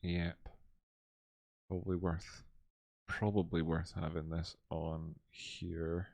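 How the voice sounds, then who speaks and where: Brief: low-voiced male live-stream host, loose and rambling, dry close sound. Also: level tone, slow pace, vocal fry, a little mellow, dry recording. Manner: loose, thinking aloud with many fillers. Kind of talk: live-stream chat and chart analysis.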